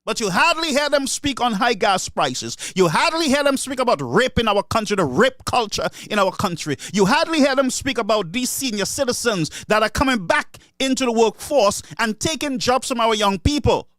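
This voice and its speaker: A man's voice: extremely high pitch, lively intonation, normal speed, hardly any pauses, a bit bright, no echo, studio quality. A man with a Caribbean English accent delivering an indignant, repetitive political rant as a solo commentator. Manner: indignant, ranting, repeats himself. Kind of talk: solo opinion monologue.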